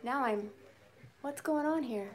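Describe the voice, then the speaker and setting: A middle-aged woman chatting excitedly and frankly on a live phone stream from her home shed. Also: sits high, unhurried, a little hiss or hum. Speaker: purse vlogger. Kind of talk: casual live-stream chat. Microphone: phone camera.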